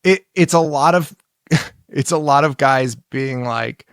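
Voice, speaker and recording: A man's voice: medium pitch, slow pace, a bit bright, clean tone, dry recording, studio quality. A man co-hosting a casual film podcast, rambling and swearing, laughing often. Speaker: podcast co-host. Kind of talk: casual chat about films.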